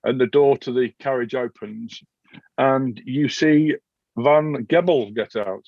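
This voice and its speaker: Gravelly man narrating a tabletop game. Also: medium pitch, no echo. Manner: halting, filler-heavy narration. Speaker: game master. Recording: dull dry recording.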